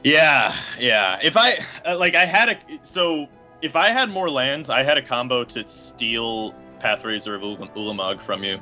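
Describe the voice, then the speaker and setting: Young male card player, mid pitch, bright, talks in loose trailing half-sentences. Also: expressive, normal speed, soft background music. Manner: rambling, trails off, swears. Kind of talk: casual game chat.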